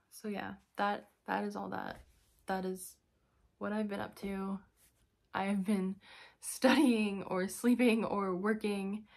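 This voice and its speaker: Young woman vlogger, casual chatty update, some vocal fry, mid pitch, exasperated storyteller. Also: flat delivery, takes it slowly, pauses often.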